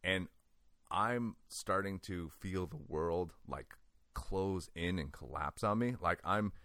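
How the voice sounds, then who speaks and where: A man with a very low voice tells a personal story in loose, casual talk, laughing often and filling his sentences with "like". The sound is dry and close, with no room around it. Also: slow, no room sound. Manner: animated, laughs often, many "like"s. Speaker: guest.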